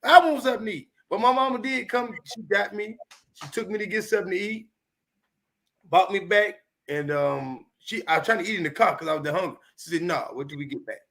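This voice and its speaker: A man in his fifties from Chicago, speaking with a high, bright voice. He tells stories from his childhood in a lively, swearing, emphatic manner and keeps pressing each point hard. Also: brisk. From Chicago, United States. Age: 50s. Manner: animated, profane, emphatic. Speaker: comedian guest. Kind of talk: candid storytelling.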